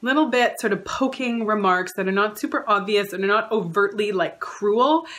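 A woman's voice: mid-range voice, normal speed, fairly bright tone. A woman counsellor giving an earnest advice talk, stringing together lists of repeated phrases. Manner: acts out quoted remarks in shifted voices.

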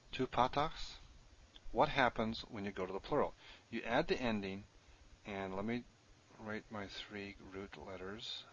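A man's voice: on the low side, fairly bright tone, muffled recording, slight background noise. A man teaching a recorded Hebrew grammar lesson, explaining step by step as he writes on the screen.

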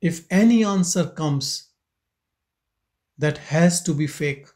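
A man gives a slow, reflective spiritual talk to a gathering. His voice sits on the high side, and he speaks very unhurriedly, pausing between questions. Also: a little mellow. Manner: slow, questioning, with long pauses. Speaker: spiritual teacher leading satsang. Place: meditation centre hall.

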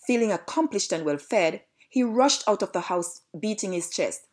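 A woman's voice: mid-range voice, moderate pace, slightly rough. A woman with a Jamaican accent reading a storybook aloud. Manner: lively read-aloud narration.

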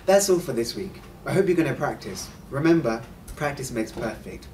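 A man hosts a scripted language lesson in a mid-pitched voice that rises and falls with plenty of movement. He explains clearly and encourages the listener to repeat. He sits a little back from the microphone, with faint noise underneath. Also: expressive, a little mellow, far from the mic. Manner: clear, encouraging, models sounds slowly. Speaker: host and Mandarin teacher.

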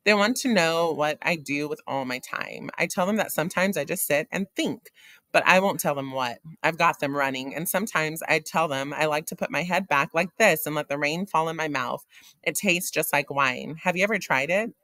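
A man's voice: fairly high pitch, moderate pace, sharp tone, no room sound. A man voicing a curious, dreamy teenage girl in a read-aloud of a novel. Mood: earnest.

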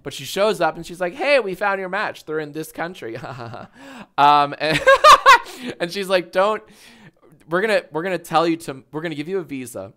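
A man's voice: on the high side, a bit bright. A man in his thirties chatting casually on a livestream, telling a story with swearing and frequent laughter. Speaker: streamer.

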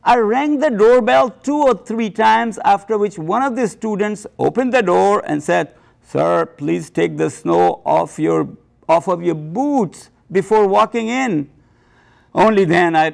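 A man's voice: sits high, vocal fry. An older man with an Indian accent, hosting a show and telling wry, self-mocking stories from his own memoirs. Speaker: host. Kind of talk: memoir storytelling.

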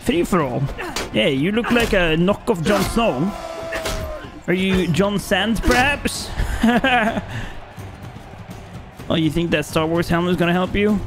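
High-voiced man trash-talking over game music. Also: animated, slow, pauses often. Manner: playful trash talk at enemies; bursts into high shouts during fights. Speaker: gaming YouTuber. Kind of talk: gameplay commentary. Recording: game music playing behind.

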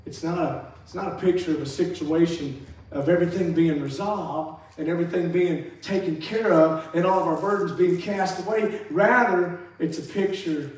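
A pastor preaching a sermon, swinging between emphatic rises and quiet, soft endings. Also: male voice, fairly high pitch. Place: church sanctuary. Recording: echoey church hall, mic far off.

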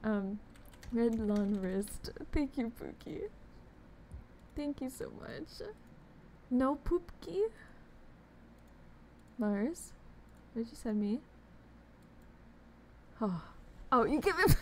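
A woman's voice: fairly high pitch, expressive, slow pace, pauses often, a little hiss or hum. A young woman streaming a game live, chatting casually and bubbly with her viewers, laughing often. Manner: bubbly, giggly, talks to chat.

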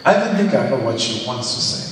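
A man preaching a lively church sermon, exclaiming and teasing his congregation. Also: mid-range voice, a little fast. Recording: echoey hall, distant mic, faint hiss.

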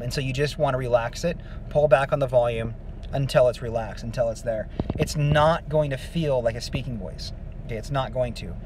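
A man's voice: medium pitch, a little hiss or hum. Man casually coaching singing. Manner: relaxed, rambling explanation with many fillers. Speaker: vocal coach. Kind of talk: casual singing lesson with demonstrations.

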